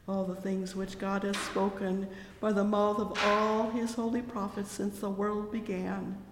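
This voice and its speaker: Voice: mid-range voice, flat delivery, measured pace, noisy background. A preacher delivering a fervent, exclamatory sermon, breaking in again and again with cries of praise. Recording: echoey hall with long reverb.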